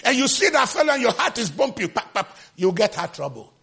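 A man preaching a sermon with passion, shouting refrains and acting out the scripture quotes. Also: very animated, fairly quick, creaky, breathy edge. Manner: acts out quotes with sudden pitch jumps.

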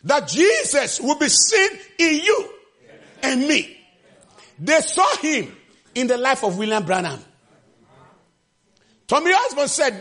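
A man preaching a sermon with passion, shouting refrains and acting out the scripture quotes. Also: very animated, slow pace, long pauses. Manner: acts out quotes with sudden pitch jumps.

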